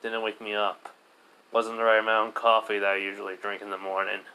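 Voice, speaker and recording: A man's voice: on the low side, completely flat delivery, brisk, pushed and bright, smooth, voice pushed down, rough recording. A man voicing a weary, earnest young male hero student who lectures at length.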